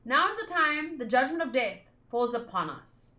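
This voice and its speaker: A woman's voice: high voice, big pitch swings, moderate pace, pushed and bright, roomy sound, full character voice. A woman doing a grave old captain. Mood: solemn.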